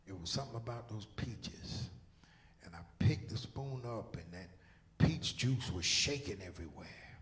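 A man preaching a sermon as pastor, swinging between loud shouts and hushed whispers. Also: mid-range voice, slight background noise. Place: church sanctuary.

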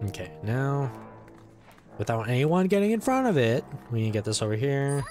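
A man giving casual let's play commentary, excitable, talking to the game and saying "dude" a lot. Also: mid-range voice, normal speed, faint music behind. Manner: excitable, talks to the game and its characters.

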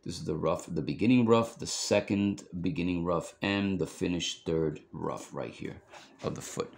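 A man's voice: sits low, moderate pace, gravelly, darkish tone, slight background noise. A man giving a casual, rambling drawing tutorial, chatty and full of fillers as he works through a book. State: hiccups. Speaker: drawing instructor.

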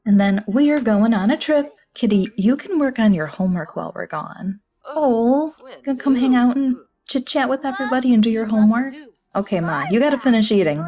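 A woman's voice: medium pitch, dark tone. A woman chatting through a life-sim game, talking to her characters as if they were family and laughing often. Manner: laughs often, quick to exclaim. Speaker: gaming YouTuber. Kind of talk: casual let's-play commentary.

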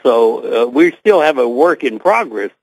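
An older man with a Southern US accent, a guest answering interview questions slowly, with many pauses and fillers. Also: medium pitch, sing-song, low-quality recording. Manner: hesitant, many uh fillers, measured.

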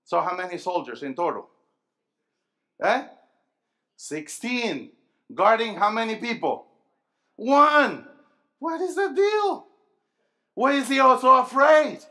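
A man preaching a sermon to young people, asking the congregation questions and calling for answers, moving between low, quiet stretches and loud emphatic bursts. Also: expressive, takes it slowly, pauses often. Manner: call-and-response, asking the crowd questions. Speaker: pastor. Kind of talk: sermon to a youth rally.

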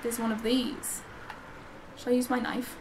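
A woman chatting excitedly while playing a game on a live stream, gasping and giggling and reading game text aloud. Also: fairly high pitch, unhurried, slight background noise, low-quality recording. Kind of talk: casual live-stream chat.

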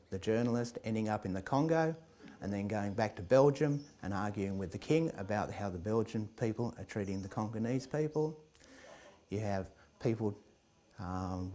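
A man telling a comic tale, lively and chuckling, building to loud climaxes. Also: lowish voice. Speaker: storyteller. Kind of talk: comic oral storytelling.

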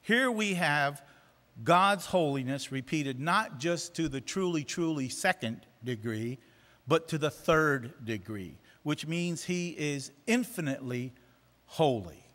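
Man, preacher, sermon, emphatic repetition, fairly high voice, long church reverb. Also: lively intonation, slow, fairly bright tone. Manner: emphatic, repeating phrases for effect.

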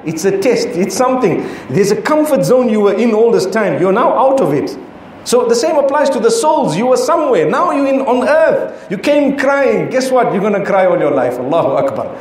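A man's voice: extremely high pitch, a little mellow, slight background noise. A middle-aged man giving a sermon as an Islamic preacher, emphatic and full of rhetorical questions. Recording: echoey hall with faint ambience.

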